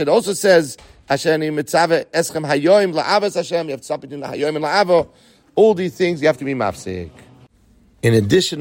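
Chanting Aramaic with the Ashkenazi pronunciation of the yeshiva world, a man gives a Talmud lesson and follows each passage with an English explanation. His voice sits on the high side, and the recording is dry.

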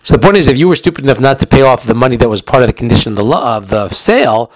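A man's voice: medium pitch, expressive, very fast, dry recording. A man giving a recorded halacha lesson in a chatty way, explaining with everyday examples, and he has the hiccups. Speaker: Torah teacher.

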